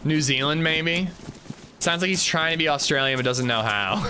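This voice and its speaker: A man's voice: fairly high pitch, normal speed, noisy background. A man livestreaming a game, chatting casually and thanking viewers. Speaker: streamer. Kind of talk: casual livestream gaming chat.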